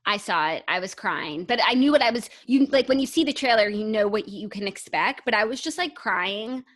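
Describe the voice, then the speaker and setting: A woman's voice: medium pitch, expressive, brisk, fairly bright tone. Young female co-host, enthusiastic casual chat, middle-range voice. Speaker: podcast co-host.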